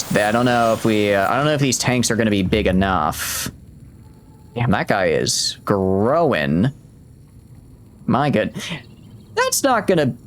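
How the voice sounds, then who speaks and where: A man chatting casually while streaming a game, rambling and cutting himself off mid-thought. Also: lowish voice. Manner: chatty, rambling, self-interrupting. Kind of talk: casual gameplay commentary.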